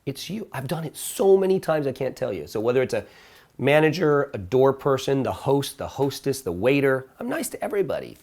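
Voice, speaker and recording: A middle-aged man coaching a small group in casual talk, telling lively stories and acting out quoted lines in higher voices. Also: a little fast, gravelly. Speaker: dating coach.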